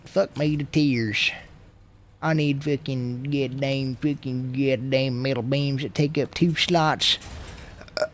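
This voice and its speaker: This man from the United States speaks slowly in a steady tone while streaming a video game, with a little hiss or hum on the audio. He rambles casually and swears, sometimes lowering his voice to a murmur or whisper.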